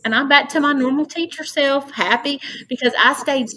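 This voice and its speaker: A woman's voice: high-pitched, moderate pace, pushed and bright, low-quality recording. A woman, a podcast guest earnestly recounting a personal story and quoting others at length. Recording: faint background noise.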